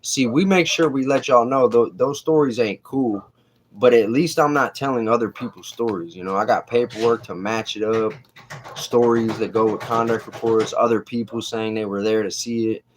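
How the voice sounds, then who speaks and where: A man's voice: mid-range voice, normal speed. A man hosting a casual livestream, talking bluntly in street slang and answering chat. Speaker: livestream host.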